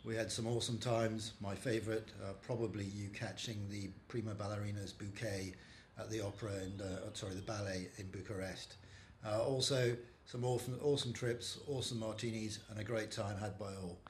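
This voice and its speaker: A man with a low voice sends a fond, brotherly goodbye to an old friend. His tone is affectionate and reminiscing. Faint background noise sits under his voice. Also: fairly even intonation, brisk. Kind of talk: casual video greeting.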